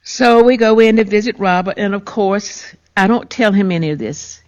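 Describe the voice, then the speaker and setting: A woman's voice: mid-range voice, normal speed, a little mellow. An older woman, hosting a podcast and emphatically telling a personal story of grief. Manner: emotional, emphatic retelling. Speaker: podcast host. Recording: muffled lo-fi recording.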